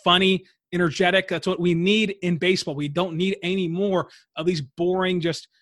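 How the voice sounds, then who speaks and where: A man's voice: high voice, flat delivery, moderate pace, a bit bright, no room sound, clean studio sound. A man who is a guest on a sports podcast, chatting enthusiastically. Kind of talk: casual sports podcast chat.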